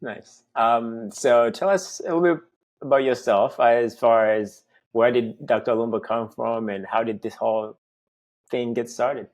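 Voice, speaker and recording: A man hosting a podcast interview, introducing his guest in a relaxed, friendly way with some fillers. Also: mid-range voice, measured pace. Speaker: podcast host.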